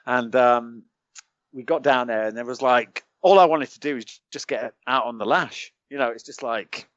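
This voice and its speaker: A middle-aged British former soldier, guesting on a podcast, tells a long colloquial anecdote and acts out other people's lines. His voice is medium-pitched, a bit bright, at a moderate pace, in a dry, slightly dull recording with no echo.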